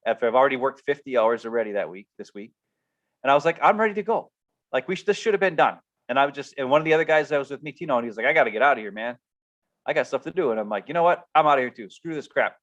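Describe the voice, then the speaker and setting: A middle-aged man telling a casual, animated story as a podcast co-host, acting out coworkers as he goes. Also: medium pitch. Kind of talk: casual rant. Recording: dull lo-fi stream audio.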